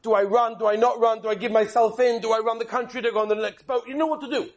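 A man with a strikingly high voice preaches with real animation, leaning into each story and pressing his points home with emphasis. He speaks as a rabbi addressing his listeners. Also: steady tone, very fast. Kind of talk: sermon with storytelling.

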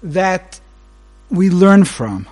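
A man, a rabbi, giving a Torah lecture that opens with a joke, speaking unhurriedly and pausing between short phrases. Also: breathy edge. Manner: animated storyteller whose pitch leaps while telling a joke.

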